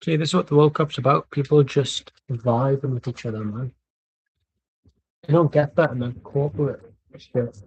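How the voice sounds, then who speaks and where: Husky man riffing over a match. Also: mid-range voice, normal speed, darkish tone, highs cut off. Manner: rambling, blunt, swears freely. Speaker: watchalong streamer. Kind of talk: casual live match commentary. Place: at home.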